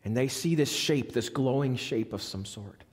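A male pastor preaching a live sermon in a church, swinging from loud, high appeals to hushed, low lines. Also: moderate pace. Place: church sanctuary. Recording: long reverb of a church hall.

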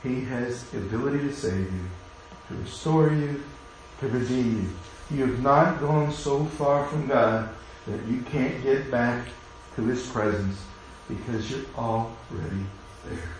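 Earnest pastor in a very echoey room. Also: male voice, mid-range voice, unhurried, hardly any pauses, slight background noise. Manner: earnest, pleading, softening to a hush in prayer. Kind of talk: sermon and closing prayer. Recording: very echoey room with faint ambience.

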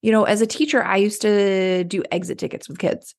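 A woman's voice: mid-range voice, fairly even intonation, brisk, gravelly. A woman coach giving a casual motivational talk, chatty and conversational, often acting out people's inner voices. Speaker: clarity coach.

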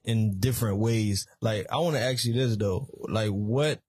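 Husky man co-hosting faith chat. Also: lowish voice, moderate pace, no echo. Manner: relaxed, many affirming yeahs, tells personal stories. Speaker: guest co-host.

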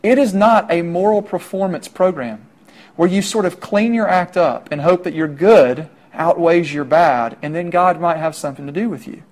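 A young man preaches to a room of students, leaning on rhetorical questions and plain talk. His voice sits a little high for a man. The tone stays conversational rather than formal. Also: moderate pace, darkish tone. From Middle Tennessee. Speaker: campus minister. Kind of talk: sermon.

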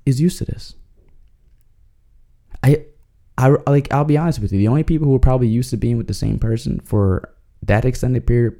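A man hosts a podcast in a casual comedic monologue, full of slang and jokes, chuckling along the way. His voice is medium in pitch, creaky, and warm.

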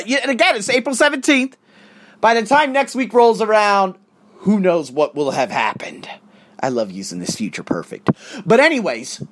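A man, an English tutor, telling a casual motivational story, acting out both sides of conversations and swearing freely. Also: medium pitch. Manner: animated, acts out both sides of dialogues, swears.

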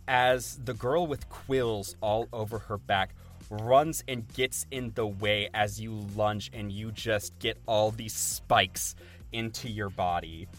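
Slow, halting male game master. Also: on the low side, a bit bright. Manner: slow, halting, many fillers. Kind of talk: narrating a tabletop game.

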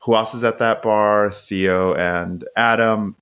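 A man with a fairly low voice chats through a show recap for his podcast. He talks in an animated way, swears freely and slips into high, mocking voices when he quotes the characters. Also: slow. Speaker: podcast co-host. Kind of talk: casual recap chat.

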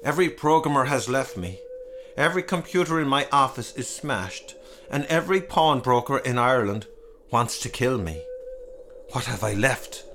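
A man's voice: mid-range voice, expressive, normal speed, fairly bright tone, a little hiss or hum, pitched above the performer's own voice. A man voicing a domineering, obsessed town leader with a commanding, declamatory delivery over background music. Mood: desperate.

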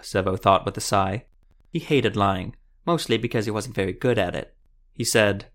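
A man with a voice on the low side reads from a fantasy audiobook. He moves at a moderate pace, his storytelling steady and even.

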